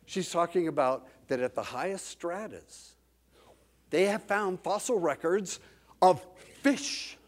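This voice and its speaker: A man preaching a sermon, reading scripture dramatically and telling a lively personal story. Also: mid-range voice.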